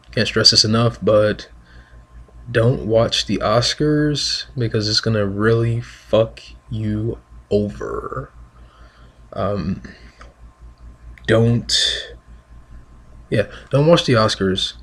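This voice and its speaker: Husky man in a heated, profane rant. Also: fairly low pitch. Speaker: vlogger.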